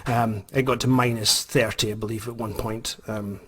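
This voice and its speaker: A man's voice: lowish voice, fairly even intonation, normal speed, husky. A Scottish man, an author, tells a story in a rambling, self-mocking way, hesitating with many ums. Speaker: author, vlogger. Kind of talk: casual storytelling.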